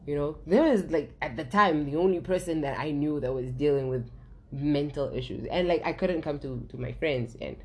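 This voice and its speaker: A woman's voice: sits low, normal speed, a little mellow, low-quality recording. A young woman talking candidly in a casual conversation, open and emotional, swearing freely and restarting her sentences. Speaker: guest sharing her story.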